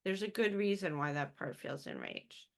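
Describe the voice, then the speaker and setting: A woman guiding the conversation like a therapist, asking gentle reflective questions. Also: medium pitch, expressive, normal speed, creaky.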